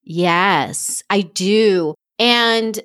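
A woman's voice: medium pitch, extremely slow, fairly bright tone. A playful woman with a mid-range voice tells stories in a casual chat. She acts out bits of dialogue expressively, and the sound is dry and close with no room echo.

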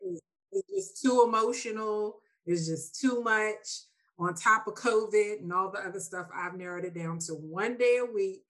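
A woman in a casual chat, speaking with soft, weary sincerity. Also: mid-range voice, moderate pace, poor audio.

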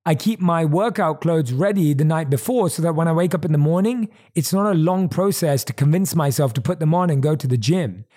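A man's voice: on the high side, a little fast, hardly any pauses, mellow. A man hosting a podcast in a motivational monologue, earnest and emphatic, repeating key phrases, recorded on a desk microphone. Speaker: podcast host. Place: at his desk.

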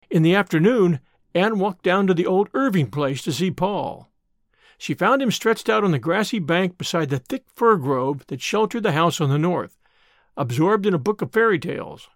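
A man narrating an audiobook in a measured, gentle storytelling manner. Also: a little high, vocal fry, no echo, clean studio sound.

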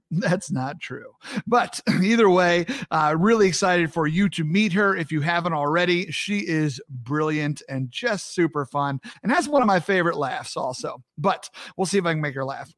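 A man's voice: on the high side, lively intonation, normal speed, a bit bright, no room sound, clean studio sound. A man in his thirties from the US East Coast, hosting a casual show and joking with his chat in an upbeat way. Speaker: podcast host.

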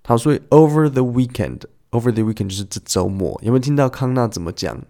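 A man's voice: mid-range voice, fast talker, warm tone. A man teaching English in a chatty, playful way, acting out short dialogues as he explains clips.

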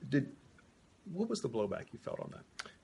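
Husky gravelly guy interviewing, chatty and jokey, keeps restarting his sentences. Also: mid-range voice, big pitch swings, normal speed, darkish tone. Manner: conversational, joking, with restarts. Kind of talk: interview questions.

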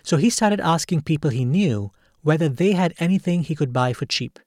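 A man hosting a podcast, narrating a true story in a calm, measured scripted read. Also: fairly high pitch, no echo, studio quality. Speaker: podcast host.

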